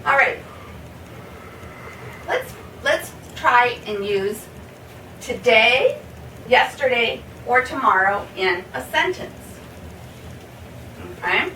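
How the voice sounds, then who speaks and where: A woman teaching a basic English lesson, spelling out example sentences slowly word by word and checking in with "okay?". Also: fairly high pitch, sing-song, pushed and bright. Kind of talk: slow classroom explanation. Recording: roomy echo, from a distance, faint hiss.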